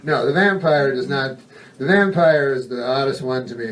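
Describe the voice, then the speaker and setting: A man doing stand-up comedy in a deadpan, rambling way, halting on ums and uhs and swearing often. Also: medium pitch. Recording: distant mic with background noise.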